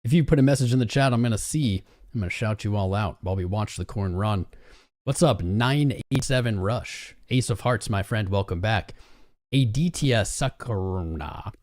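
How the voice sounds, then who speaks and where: A man hosting a live trading stream, hyping up his chat and reading viewer names one after another. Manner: hypes up chat, reads out viewer names rapidly; animated, swings between loud and low. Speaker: livestream host.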